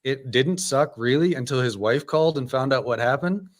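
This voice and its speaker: A man's voice: mid-range voice, normal speed, a little hiss or hum. A man from Boston with a Boston accent, speaking earnestly as a guest in a casual podcast chat. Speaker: guest, service dog nonprofit founder.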